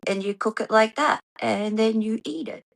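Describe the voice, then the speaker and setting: A woman who is a podcast guest, chatting casually and explaining things in a lively, playful way. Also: on the high side, unhurried, creaky, low-quality recording. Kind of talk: casual chat.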